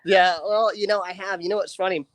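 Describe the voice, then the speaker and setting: A man's voice: sits high, flat delivery, a little fast, fairly bright tone, dry recording. A young man in casual live-stream chat, telling jokey stories and laughing often. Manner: jokey storyteller who laughs often and acts out phone calls.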